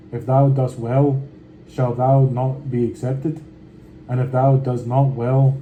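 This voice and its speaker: Very mellow-voiced man reading scripture. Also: mid-range voice, slight background noise, poor audio. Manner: deliberate reading with slangy offhand comments. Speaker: scripture reader. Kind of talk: reading scripture aloud with casual asides.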